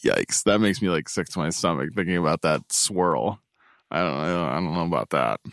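A man co-hosting a fantasy football podcast in casual banter, animated and prone to slipping into goofy voices. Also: sits low, a little fast, creaky, no echo, studio quality.

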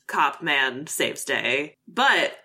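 A woman co-hosting a podcast, chatting casually about a horror film, animated and swearing freely, acting out lines from scenes. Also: low voice, drawn-out words. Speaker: podcast co-host.

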